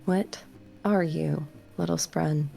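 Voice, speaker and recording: A tired, guarded scholar with a low, gravelly voice, played by a woman, answering with dry wit. Her tone stays wry and weary. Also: fairly even intonation, slow, warm tone, faint music behind, full character voice. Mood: wary.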